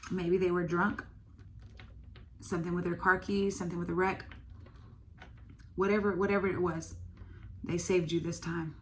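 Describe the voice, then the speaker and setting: A woman with a drawl talks through a tarot reading in a low, flat voice. She thinks aloud, full of "um" and "uh", and swears now and then. There is steady noise under the recording. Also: moderate pace, pauses often. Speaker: tarot reader.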